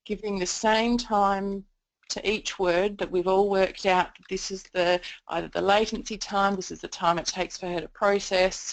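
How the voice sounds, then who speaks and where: A woman with a low-ish, creaky voice gives a training presentation on communication support. She explains her points at length with frequent "um" fillers, and the recording is rough.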